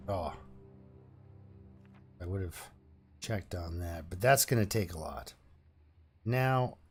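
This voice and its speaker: A man's voice: deep voice, animated, slow pace, faint music behind. A man giving casual let's-play commentary, thinking aloud with fillers and restarts as he plays. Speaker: gameplay commentator.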